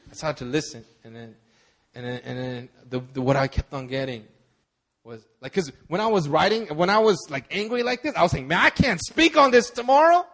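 A man's voice: medium pitch, a little fast. A young man preaching a sermon, telling a personal story with many fillers and repeated words. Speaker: pastor.

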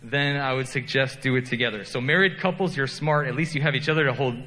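A man's voice: medium pitch, fast talker, pushed and bright, long reverb tail, poor audio. A man preaching a sermon as pastor, telling self-deprecating stories in a conversational way.

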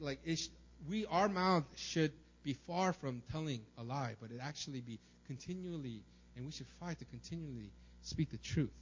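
A man's voice: on the high side, darkish tone, dull audio. A young man preaching a sermon in a church, casual and conversational, peppering his points with "like" and "right?". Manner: casual, filler-heavy preaching with many "right?" and "like". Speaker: pastor.

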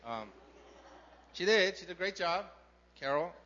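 Male pastor, relaxed conversational sermon, slightly high voice, dull lo-fi recording. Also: unhurried, a little hiss or hum. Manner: conversational, asks the crowd questions. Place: church in Korea.

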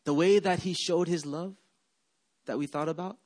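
A man preaching a sermon, leading his congregation in a group exercise and then praying softly. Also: fairly high pitch, steady tone, normal speed, long pauses. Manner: leads the congregation in call-and-response, then prays softly. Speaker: pastor. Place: church hall.

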